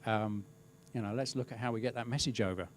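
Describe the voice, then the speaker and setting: A middle-aged man speaks at an ordinary pitch for a man. He talks through a webinar presentation about crowd safety. His storytelling is easygoing and wry, with a dry touch of humour. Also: fast, slight background noise. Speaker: crowd safety and event management specialist. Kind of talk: webinar presentation, telling an anecdote.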